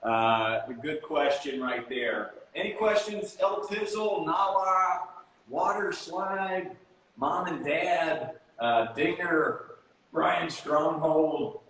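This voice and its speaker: A man's voice: a little high, slow pace, fairly bright tone. A man hosting an online baseball hitting clinic, speaking energetically and directly to young viewers. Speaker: baseball hitting coach, host. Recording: echoey room, distant from the mic.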